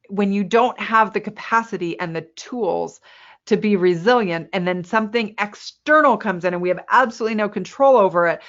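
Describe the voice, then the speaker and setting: A woman presenting a workplace resilience webinar to a camera, lively and quick to laugh at herself. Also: medium pitch. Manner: lively, laughs at herself, acts out quoted people. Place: indoor room with a window. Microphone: camera mic. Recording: slightly muffled webinar audio.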